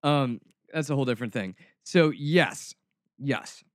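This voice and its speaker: A man's voice: mid-range voice, animated, a little slow, dry recording, studio quality. Sarcastic man hosting a snarky podcast. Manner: sarcastic, snarky, mock-dramatic. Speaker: podcast host. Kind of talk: casual commentary podcast.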